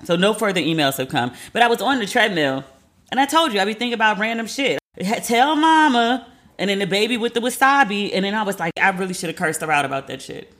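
A woman's voice: medium pitch, fast. A woman talking straight into the mic in a loose, unscripted monologue. She is frank and swears freely. She breaks into little acted quotes of what she and others said. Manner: candid, profane, animated storytelling with quoted asides. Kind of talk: casual storytelling monologue.

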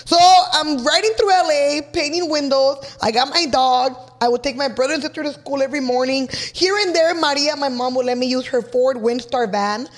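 Young woman from los angeles, fairly high voice, talks fast and loose, swears a lot, storytelling in an interview. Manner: energetic, swears freely, mixes in a second language. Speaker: guest artist.

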